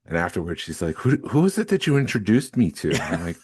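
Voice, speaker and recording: A man with a very deep voice tells stories in relaxed podcast conversation. His delivery is easygoing and reflective. The recording is dry and close. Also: quick pace, breathy edge, dry recording. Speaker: podcast co-host. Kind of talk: casual chat.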